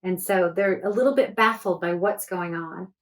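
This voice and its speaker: A woman's voice: fairly low pitch, moderate pace. A woman author reading her book aloud to children, chatty and enthusiastic between passages.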